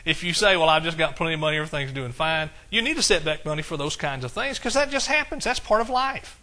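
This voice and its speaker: A man's voice: on the high side, lively intonation, fast talker, sharp tone. A middle-aged man with an East Texas accent preaching a sermon in a folksy, exclamatory way, quoting scripture. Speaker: pastor.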